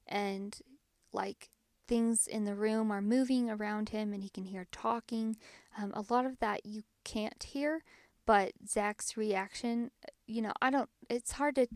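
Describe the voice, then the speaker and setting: A woman's voice: mid-range voice, darkish tone, dry recording, clean studio sound. A woman podcast host casually retelling a paranormal investigation, chatty and full of fillers.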